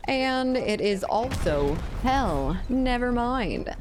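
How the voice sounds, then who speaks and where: Lowish-voiced swearing woman streamer. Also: expressive, moderate pace, over music. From South Louisiana, USA. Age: 20s. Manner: joking, swears often, banters with viewers. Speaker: gaming streamer. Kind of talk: casual chat while playing a shooter and reading chat. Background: faint game gunfire.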